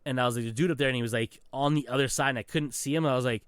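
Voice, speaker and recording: This man's mid-range voice races along over a faint hiss or hum. Co-hosting a podcast, he tells gaming stories in a casual chat, animated and swearing as he acts out quotes.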